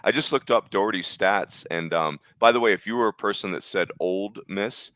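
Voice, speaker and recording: Deep-voiced jokey sports show host. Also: male voice, brisk, pushed and bright, no echo. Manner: jokey, upbeat, teasing. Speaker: podcast host. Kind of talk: casual sports talk.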